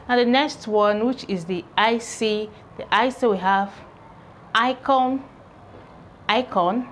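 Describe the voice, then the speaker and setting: A woman teaching English pronunciation, saying each word several times over in a deliberate drilling manner. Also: mid-range voice, a bit bright, a little hiss or hum. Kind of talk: pronunciation lesson, repeating words slowly.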